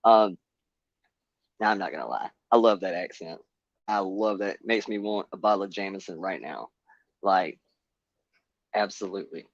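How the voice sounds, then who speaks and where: A man's voice: low-pitched, normal speed, pauses often, no room sound, muffled recording. A man from Alabama with an Alabama accent, a panel guest chatting casually online in a drawling, profane way and laughing at himself.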